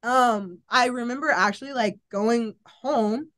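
A woman's voice: a little high, measured pace, a bit bright. Earnest young woman sharing her testimony. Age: young adult. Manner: earnest, heavy use of "like", acts out her own past thoughts. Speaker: college volleyball player, podcast guest. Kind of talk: casual personal testimony.

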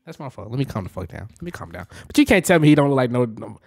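A man's voice: medium pitch, big pitch swings, very fast, slightly rough, no room sound, clean studio sound. A young man hosting a reaction video, rambling casually to his viewers and laughing often.

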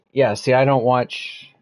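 A man's voice: medium pitch, breathy edge. A man chatting casually with viewers while he plays a game on a live stream, loose and joking, swearing freely.

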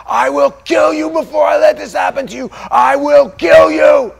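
A preacher shouting as an enraged father. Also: very high voice, normal speed, creaky, pitched above the performer's own voice, heavily acted. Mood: furious screaming. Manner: screaming threats, strained and desperate. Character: enraged father screaming at his son.

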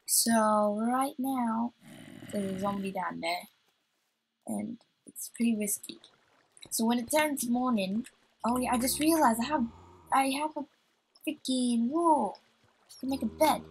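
A woman's voice: medium pitch, pushed and bright, a little hiss or hum, rough recording. A woman hosting a let's play, chatting to herself as she plays and getting easily startled. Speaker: gaming channel host.

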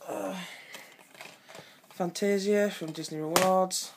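Lady vlogger, low voice, casual unboxing chat, lots of cursing. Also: fairly even intonation, slow, long pauses. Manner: swears freely, frustrated complaints. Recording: loud background noise.

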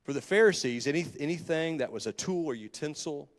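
Guy preaching in church, chatty, keeps asking the room stuff, voice a bit high, long echo from the hall. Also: lively intonation, a little fast. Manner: conversational, self-correcting, asks the congregation questions. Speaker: pastor. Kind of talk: sermon. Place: church sanctuary. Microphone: handheld microphone.

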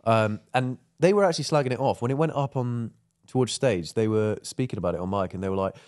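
A man's voice: medium pitch, fast, a little mellow. A young man co-hosting a podcast in casual chat, rambling with lots of fillers and laughter. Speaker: podcast co-host.

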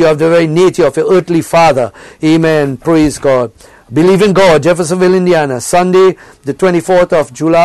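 A man's voice: sits high, no echo. A man preaching a church sermon with fervor, reading quoted passages aloud and punctuating them with frequent amens and hallelujahs. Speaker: pastor. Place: church service.

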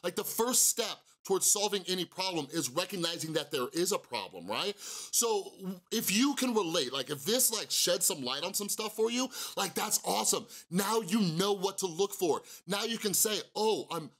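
A man's voice: sits high, animated, moderate pace, a bit bright. A young man talking casually to camera about relationships, rambling with many fillers and restarts. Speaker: mental health YouTuber.

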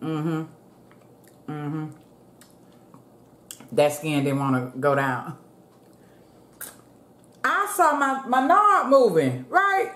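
A woman hosting a casual eating show from her home, chatting to viewers in a relaxed way and calling them "y'all". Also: deep voice, extremely slow, pauses often. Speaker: mukbang vlogger. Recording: roomy echo.

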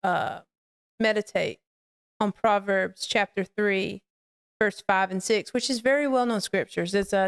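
Hosting a live-streamed faith podcast, this woman speaks in an unhurried, creaky voice of medium pitch. She greets her chat and rambles candidly through personal reflections.

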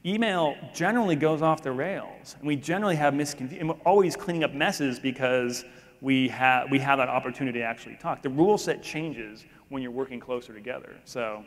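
A man's voice: medium pitch, brisk. A man speaking on stage in a casual, rambling conversation, often restarting his sentences. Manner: rambling, self-interrupting, conversational. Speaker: keynote speaker. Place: large conference hall. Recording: reverberant conference hall.

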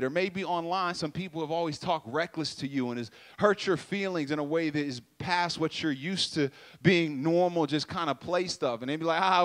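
A young man preaching a sermon in a loose, storytelling way, acting out voices and making sound effects. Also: fairly high pitch. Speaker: youth preacher.

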